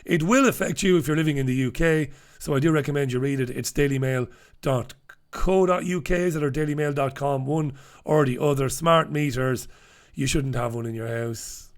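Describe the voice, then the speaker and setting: A man's voice: medium pitch, moderate pace. A middle-aged man hosting a newspaper review, talking in a blunt, casual, opinionated way, swearing freely and dropping chatty asides.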